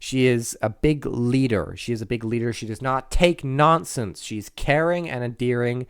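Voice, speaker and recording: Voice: medium pitch, normal speed, clear, resonant tone, no room sound. A host rambling through contest predictions in a playful way, correcting themselves and making jokey asides, close to the microphone. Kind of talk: casual rambling commentary. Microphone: close desk microphone.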